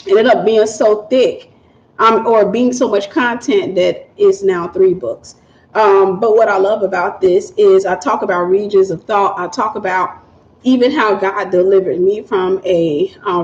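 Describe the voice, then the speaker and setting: A woman with a Southern accent hosting a casual home livestream, talking fast and greeting viewers by name before teaching. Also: mid-range voice, slight background noise. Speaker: ministry livestream host. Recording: roomy, muffled home livestream audio.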